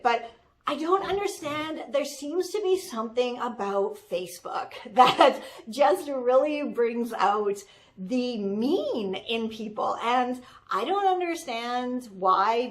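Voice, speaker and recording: A woman's voice: a little high, lively intonation, unhurried. A woman playing a bubbly, trendy young social media manager who talks in valley-girl style, peppered with "like" and "totally", in a comedic character monologue. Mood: indignant.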